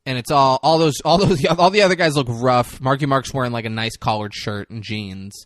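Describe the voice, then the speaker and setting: A man telling a film's plot in a loose, animated podcast chat, swearing freely and jumping into characters' lines. His voice sits at an ordinary middle pitch. The recording is close and dry. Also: brisk, no echo. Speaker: podcast host. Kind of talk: casual movie recap.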